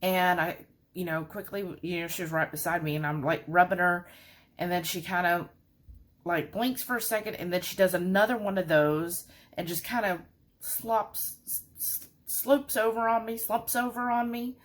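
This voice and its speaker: Lady rambling on to her viewers, kinda low voice, lots of y'all. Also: normal speed. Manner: chatty, rambling, says "y'all" often. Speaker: vlogger. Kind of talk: casual chat.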